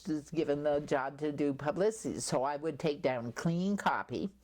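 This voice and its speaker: An older woman with a notably low voice recounts her past in an oral history interview. She tells it as a chatty storyteller, full of lively asides. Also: normal speed. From California, USA.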